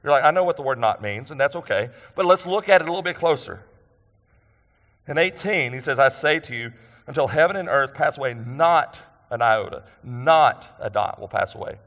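A man's voice: mid-range voice, animated, a little fast, a bit bright, long reverb tail. A man preaching a sermon in a conversational way, asking the congregation questions and repeating phrases for emphasis. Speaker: pastor.

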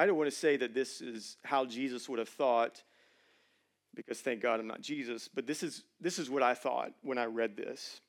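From a church stage, a pastor with a high-pitched voice delivers a conversational sermon full of jokes. He shifts between loud emphasis and quiet asides.

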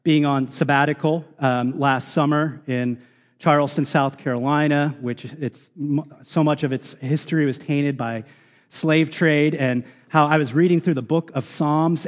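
A man's voice: on the high side, measured pace. Man preaching in a reverberant hall. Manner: earnest, reads scripture aloud with many ums. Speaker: pastor. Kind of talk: sermon. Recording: long reverb of a large hall.

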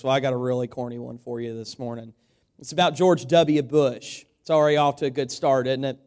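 A man's voice: mid-range voice, fairly even intonation, fairly quick, darkish tone. A man, a pastor, telling corny jokes at the start of a sermon in a folksy, chatty way with many fillers. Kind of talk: joke-telling sermon opening.

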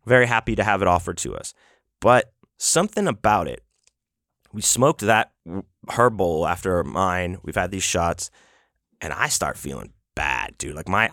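A man's voice: deep voice, fairly bright tone, no room sound, studio quality. A man hosting a podcast, telling a road story in a rambling, profane, casual way with lots of fillers and restarts. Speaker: podcast host.

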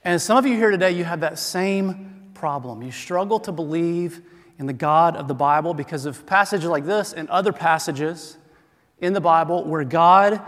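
Higher-pitched pastor in a reverberant church. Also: male voice. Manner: conversational, self-deprecating humor. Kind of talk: sermon. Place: church sanctuary. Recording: long hall reverb.

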